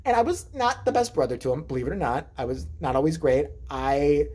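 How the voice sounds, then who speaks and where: Man, vlogger, comedic storytelling, rambling and profane, husky voice, lively pitch swings. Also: fairly quick.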